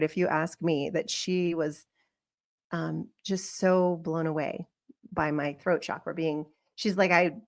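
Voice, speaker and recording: A woman's voice: fairly low pitch, creaky. A middle-aged woman hosting a podcast, talking candidly in a reflective, conversational monologue and acting out bits of remembered dialogue. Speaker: podcast host.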